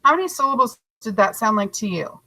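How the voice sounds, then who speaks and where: A woman teacher giving a recorded lesson to young children, stretching out each word slowly and encouraging them. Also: fairly high pitch, big pitch swings, noisy background. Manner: slow, drawn-out modeling of words, encouraging.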